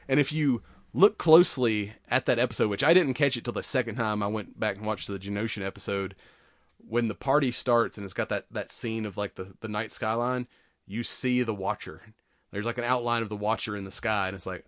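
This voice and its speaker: Male podcast host, low voice, excited swearing storyteller, dry sound. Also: brisk, dry recording. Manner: animated retelling, swears a lot. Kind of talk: casual chat.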